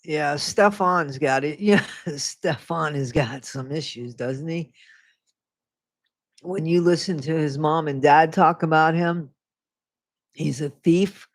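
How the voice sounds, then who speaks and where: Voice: mid-range voice, takes it slowly, long pauses, dry recording. A live-stream host chatting casually on a new microphone at home, rambling between topics and reading viewer comments aloud. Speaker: livestream host.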